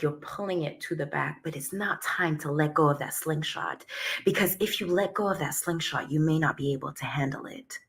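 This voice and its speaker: Woman on a live stream, low voice but super bright, chatty and heartfelt. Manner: chatty, emotional, greets viewers by name. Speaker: livestream host. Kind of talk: casual motivational livestream chat.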